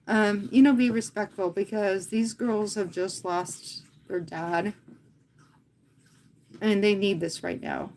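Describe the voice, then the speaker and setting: Earnest woman talking softly on a livestream. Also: mid-range voice, slight background noise. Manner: earnest and heartfelt, speaking softly and slowly with pauses. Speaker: fitness instructor and livestream host. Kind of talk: casual livestream talk.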